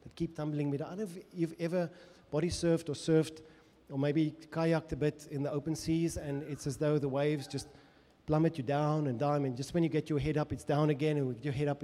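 Impassioned preacher in an echoing hall. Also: male voice, a little high, dark tone. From South Africa. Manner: impassioned, speaking as the psalmist in first person. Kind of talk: sermon. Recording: long echo of a large hall.

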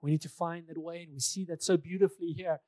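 High-voiced man preaching conversationally. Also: steady tone, fast, dark tone, dry recording. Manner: conversational, repeats phrases for emphasis. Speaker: pastor. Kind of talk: sermon.

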